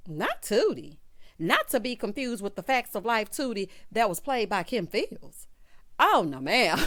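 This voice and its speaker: Sassy animated woman recapping TV. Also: medium pitch. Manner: sassy, animated, acts out quotes in voices. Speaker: reality TV recap host. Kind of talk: casual recap commentary.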